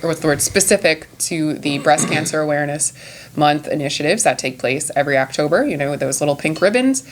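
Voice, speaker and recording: Low-pitched woman hosting a podcast. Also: fast, noisy background. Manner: earnest, laughs at own stumbles. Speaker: podcast host. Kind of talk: casual podcast chat, reading quotes.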